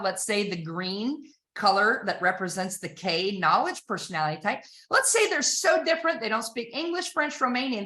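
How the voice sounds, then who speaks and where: A woman delivers a sales training with a bright, forceful voice and an emphatic, persuasive push. She keeps firing rhetorical questions at her listeners. The room around her rings with a roomy echo. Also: medium pitch. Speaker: sales trainer and company founder. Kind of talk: energetic sales training talk.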